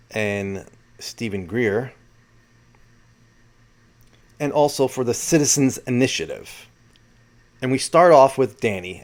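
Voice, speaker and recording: A man hosting his own video, talking casually and rambling, often correcting himself mid-sentence. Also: fairly low pitch. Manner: chatty and rambling, with self-corrections. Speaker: video host. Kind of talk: casual solo commentary.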